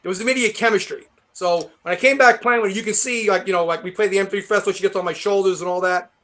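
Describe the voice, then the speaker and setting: A man with a heavy New York accent, a guest guitarist rambling through animated stories in a casual interview. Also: high-pitched, quick pace. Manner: rambling, animated storytelling with many fillers.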